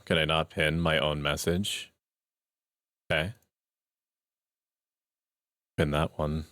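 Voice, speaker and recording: A male streamer giving casual gameplay commentary at home at night, keeping his voice quiet and in a deliberate monotone. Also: a bass voice, dry recording, clean studio sound.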